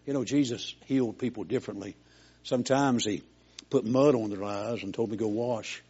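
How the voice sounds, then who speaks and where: Older guy preaching, folksy and plainspoken, raspy voice, muffled old recording. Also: lowish voice, fairly quick, darkish tone. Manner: folksy, homespun storytelling. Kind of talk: sermon.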